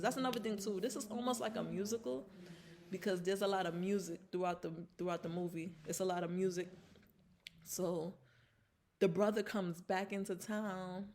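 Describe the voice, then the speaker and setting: Speaking at normal speed with medium pitch, fairly even intonation, and a darkish tone, a woman recaps a film's plot for her casual vlog. As a film reviewer, she's chatty, uses fillers and restarts, and acts out what the characters say, with slight background noise behind her.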